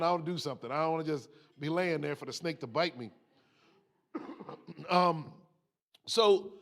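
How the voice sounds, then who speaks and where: Middle-aged American man, sermon speaker, animated storyteller, slightly high voice. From United States.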